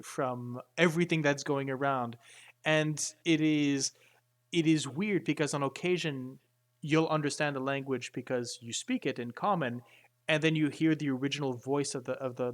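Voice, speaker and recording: A man running a tabletop game as game master, explaining the scene in a halting way with many restarts. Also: mid-range voice. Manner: halting, full of fillers and restarts.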